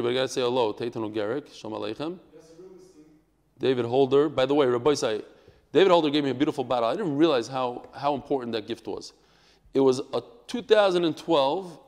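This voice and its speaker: A man with a mid-range voice teaches a daily Talmud class to a live group in a large hall. His delivery is animated and emphatic, full of stories, with Hebrew and Yiddish terms mixed into his English.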